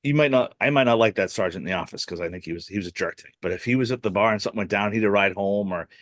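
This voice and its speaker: A man's voice: fairly low pitch, racing, a bit bright, no echo, studio quality. A man from Boston hosting a podcast, telling stories in a rambling casual way with many fillers and restarts. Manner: rambling storyteller, heavy "you know" fillers and self-restarts. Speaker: podcast host. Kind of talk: casual interview chat.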